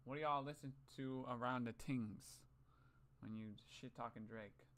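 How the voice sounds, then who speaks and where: A man's voice: medium pitch, fairly even intonation, measured pace, fairly bright tone, a little hiss or hum, lightly acted. A man mocking a drawling Toronto guy.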